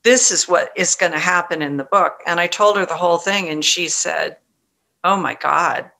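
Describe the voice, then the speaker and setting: Middle-aged woman novelist chatting in an interview, bright lively voice, lots of restarts. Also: fairly low pitch, moderate pace, vocal fry. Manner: animated, frequent restarts, quotes others in lively voice. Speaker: novelist guest. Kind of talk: conversational interview storytelling.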